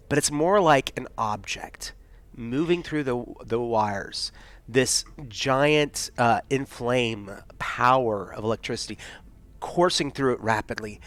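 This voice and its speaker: A man's voice: mid-range voice, a bit bright. A man narrating as game master in a tabletop game, rambling and often searching for words.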